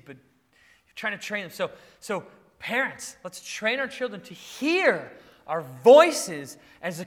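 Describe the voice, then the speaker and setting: A man's voice: high voice, long reverb tail. A male pastor preaching, telling playful stories with frequent laughter. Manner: animated, playful storytelling. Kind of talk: sermon.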